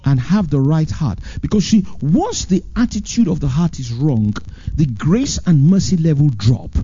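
Animated preaching man, muffled sound. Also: husky. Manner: animated preaching, swings from high emphatic lines to low drawn-out ones. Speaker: pastor. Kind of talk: sermon.

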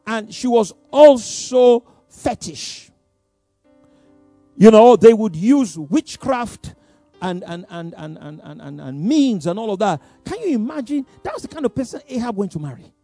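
Male preacher in a sermon, high and very lively voice, dry close sound, faint music underneath. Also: dry recording. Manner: animated, swings from loud emphasis to soft asides; laughs between points.

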